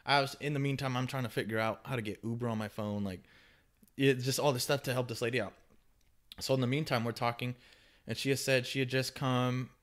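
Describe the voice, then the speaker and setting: A young man hosting a podcast, telling a story in casual chat, animated and swinging between loud bursts and hushed asides. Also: mid-range voice, a little fast. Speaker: podcast host.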